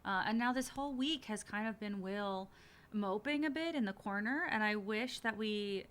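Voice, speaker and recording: A woman with a bright, forceful voice hosts a stream watch party. She gives casual, blunt reaction commentary with easy swearing in a chatty tone. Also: medium pitch, normal speed, smooth.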